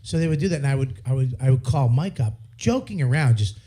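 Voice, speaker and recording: A man's voice: mid-range voice, fast talker, slightly rough. A man hosting a comedy podcast, telling stories with lots of laughter and bursts of silly put-on voices. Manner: animated storyteller, laughs often, jumps into silly put-on voices. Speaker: podcast host. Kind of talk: casual comedy banter.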